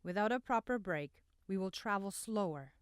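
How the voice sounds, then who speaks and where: A woman voicing a calm older male guide and healer who gives steady, instructive orders, recorded close and dry. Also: mid-range voice, moderate pace, clear, resonant tone, no room sound, lightly acted.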